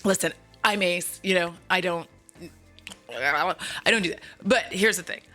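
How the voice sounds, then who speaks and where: A woman's voice: on the low side, unhurried, sharp tone, soft background music. A woman hosting her channel, retelling a movie in a chatty, comic way with asides straight to her viewers. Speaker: channel host. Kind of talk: comedic movie recap. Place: at home.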